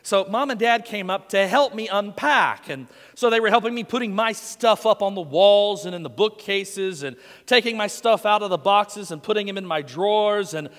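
A man preaching a sermon. His voice sits high and rings brightly, and he tells stories in a folksy, animated way. A long reverb from a big hall trails after his words. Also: moderate pace, few pauses. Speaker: pastor.

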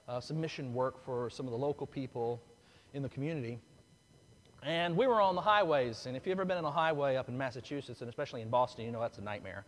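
A male pastor delivering a sermon in a fairly high voice, dropping to a hush for earnest points and rising loudly when a story heats up. His voice rings with a long reverb tail from a large church. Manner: storytelling with big swings from hushed to loud.

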